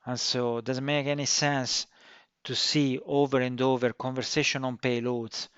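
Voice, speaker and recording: A man introducing a course as its instructor. He talks slowly and clearly, with frequent fillers and restarts. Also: mid-range voice, a bit bright, dry recording. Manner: non-native phrasing with frequent fillers and restarts; says he tries to speak slowly and clearly. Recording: dry, dull lo-fi recording.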